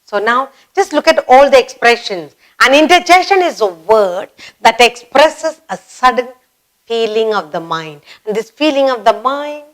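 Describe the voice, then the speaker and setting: A woman's voice: on the high side, animated, fairly bright tone, poor audio. A woman with an Indian English accent teaching a grammar lesson for children, acting out example exclamations. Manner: slow, acts out example exclamations.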